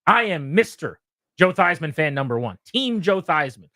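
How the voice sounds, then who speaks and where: A man hosts a sports talk radio show, leaning hard on key words as he tells his stories. His pitch sits a bit high and swings widely. The studio sound is dry and close. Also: normal speed, dry recording. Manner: emphatic, animated storyteller.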